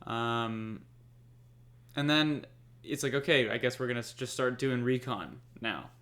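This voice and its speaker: A man's voice: medium pitch, a little slow, fairly bright tone. A man co-hosting a casual anime discussion podcast, laid-back and loose, cursing now and then and filling his talk with "like" and "you know". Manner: laid-back, swears casually, lots of fillers. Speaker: podcast co-host. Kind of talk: casual chat.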